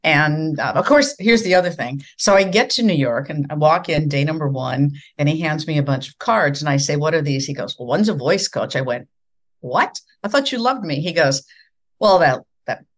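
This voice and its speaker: A woman's voice: deep voice, moderate pace. An older woman from the American Midwest, a former news anchor, telling stories in conversation and acting out the dialogue. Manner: animated storyteller acting out dialogue. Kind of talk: conversational storytelling.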